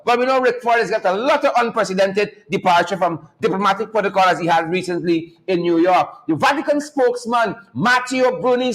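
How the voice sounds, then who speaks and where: High-voiced animated man. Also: low-quality recording. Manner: animated, mocking, preacher-like cadence, laughs often. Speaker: talk show host. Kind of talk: live-stream commentary.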